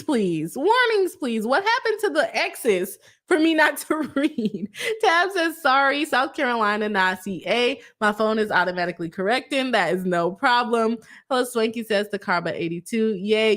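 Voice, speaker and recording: A woman's voice: a little high, fairly bright tone. Chatty woman hosting a livestream. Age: young adult. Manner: chatty, laughs often, reads out chat messages. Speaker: livestream host, attorney. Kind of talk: casual livestream chat reading comments.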